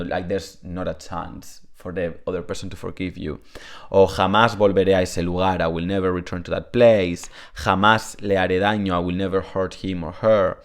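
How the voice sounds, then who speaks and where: A deep-voiced man who teaches Spanish gives a casual explanatory lesson. Spanish is his first language, and he's chatty, uses many fillers, and switches between Spanish and English.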